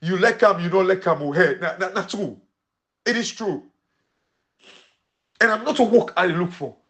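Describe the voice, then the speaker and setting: A man's voice: high-pitched, moderate pace, fairly bright tone. A man with a Sierra Leonean Krio accent hosting a commentary show, mixing pidgin and English and rallying listeners with repeated calls to action. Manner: rallying, repetitive exhortations. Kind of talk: impassioned economic commentary.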